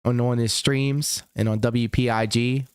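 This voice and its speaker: A man's voice: medium pitch, steady tone, measured pace, darkish tone, clear, resonant tone, dry recording. A man hosting a livestream, reacting to videos with crude, mocking, sarcastic commentary.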